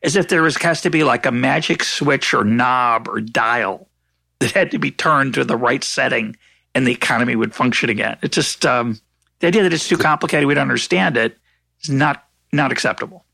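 A man hosting an interview podcast as an economist, speaking thoughtfully and acting out quoted exchanges in a higher voice. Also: moderate pace, creaky, bright, forceful tone, dry recording. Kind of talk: conversational interview.

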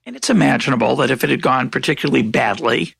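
A man interviewing an author, asking thoughtful questions in a halting way with frequent restarts. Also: medium pitch, expressive, gravelly, fairly bright tone, husky, dry recording. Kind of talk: conversational interview.

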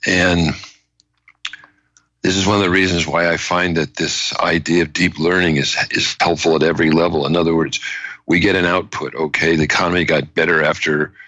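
A man who is a neurologist and author, explaining his ideas as an interview guest in a measured way with frequent restarts. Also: low-pitched, level tone, bright, forceful tone, no room sound, low-quality recording. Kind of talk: conversational interview.

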